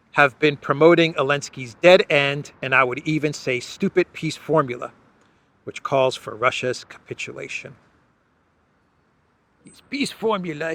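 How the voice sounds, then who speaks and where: A man hosting a political commentary show, speaking in a sardonic, halting way and chuckling often as he talks. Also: fairly high pitch, sharp tone. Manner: halting, many restarts. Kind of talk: casual news commentary.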